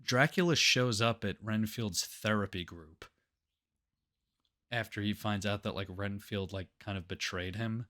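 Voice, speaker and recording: A man's voice: lowish voice, a little slow, pushed and bright. A man co-hosting a casual movie review podcast, rambling through the plot with "like" in every phrase and swearing freely. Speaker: podcast co-host.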